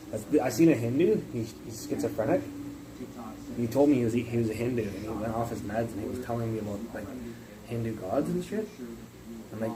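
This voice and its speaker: A man's voice: mid-range voice, a little fast, background noise. A man livestreaming from his phone, ranting in a rambling, profane, casual way. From Canada.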